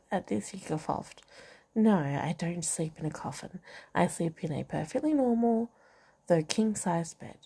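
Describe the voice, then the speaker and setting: Brief: woman reading a romance novel aloud, gravelly, dark tone, chatty asides. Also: on the low side, animated, a little slow. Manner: reads dialogue and narration, breaks off to comment and laugh. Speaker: reader of a novel.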